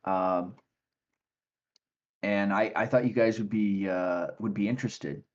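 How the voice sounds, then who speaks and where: A man's voice: fairly low pitch, steady tone, unhurried, dull audio, voice pushed down, lightly acted. A man doing an eager teenage fanboy. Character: excited teenage boy, monster enthusiast.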